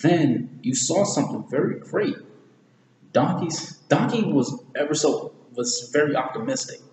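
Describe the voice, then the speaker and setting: A man's voice: on the high side, expressive, a little slow, darkish tone. A man casually analyzing a movie, rambling, correcting himself often and using slang. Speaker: movie reviewer. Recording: echoey room with long reverb, faint hiss.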